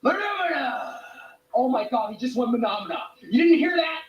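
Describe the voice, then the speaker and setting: A man's voice: very high-pitched, lively intonation, moderate pace, highs cut off, slight background noise. An actor playing an exasperated, sarcastic man who has completely run out of patience, heard as distant, roomy clip audio.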